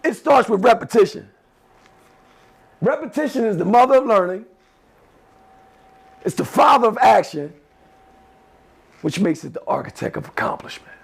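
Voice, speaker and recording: This man's voice is high-pitched and slightly rough, with lively intonation, vocal fry, a moderate pace and frequent pauses. As a motivational speaker, he emphatically leads teenagers in a class through repeated call-and-response affirmations.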